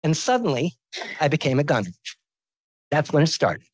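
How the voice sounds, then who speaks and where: A man's voice: a little high, very animated, moderate pace, low-quality recording. A man in his sixties giving a medical lecture as a visiting professor, informal and joking, telling stories from his career.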